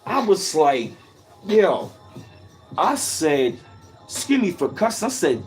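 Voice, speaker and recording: A man on a casual livestream speaks in a somewhat high, very animated voice, swinging his pitch up and down as he drives each point home. His delivery is emphatic and repetitive, full of swearing, and he calls out chat viewers by name. Faint music plays behind him. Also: slow, pauses often. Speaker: livestream host reading chat.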